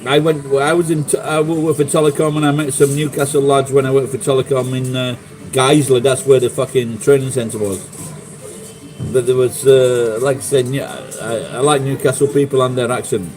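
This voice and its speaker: A man's voice: mid-range voice, steady tone, moderate pace, darkish tone, soft background music, rough recording. A middle-aged man with a Sheffield accent, rambling through sweary stories and chatting with viewers on a livestream. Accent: Sheffield English. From England. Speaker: livestream host. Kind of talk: casual live chat.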